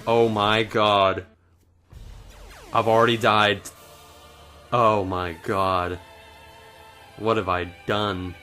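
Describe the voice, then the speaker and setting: A man giving let's play commentary in frantic self-talk, swinging between panic and calming himself down. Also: on the low side, extremely slow, pauses often. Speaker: let's player. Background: faint game music.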